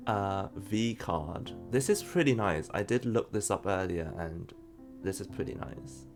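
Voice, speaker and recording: A man with a lowish, slightly mellow voice talks slowly but animatedly over soft background music while live-streaming trading card pack openings. He reads chat out loud, reacts to pulls, and laughs often, and he's unsure of some pronunciations and fumbles over names.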